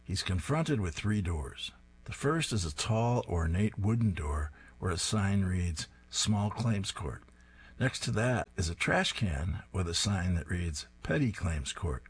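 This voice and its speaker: A man describing comic strips panel by panel and reading them aloud in a steady, descriptive way with dry amusement. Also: sits low, unhurried, husky. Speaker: comics reader.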